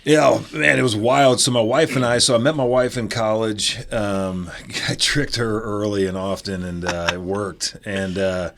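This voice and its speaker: A man in his forties from the American Midwest, an animated and chatty storyteller telling stories as an interview guest. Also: fairly low pitch, moderate pace, creaky, few pauses, noisy background. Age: 40s. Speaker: former football player, interview guest. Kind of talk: casual interview.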